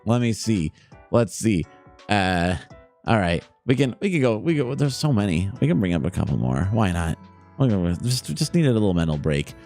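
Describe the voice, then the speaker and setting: A man's voice: on the low side, very animated, moderate pace, darkish tone, soft background music. A man chatting casually on a live stream, rambling, repeating words and trailing off as he reacts to his old clips.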